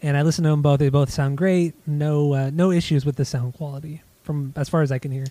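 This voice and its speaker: A man's voice: a little high, fairly even intonation, a little fast, mellow, no echo. A man chatting casually about records he bought, easygoing and a little hesitant, swearing now and then. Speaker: podcast co-host. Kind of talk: casual chat about vinyl finds.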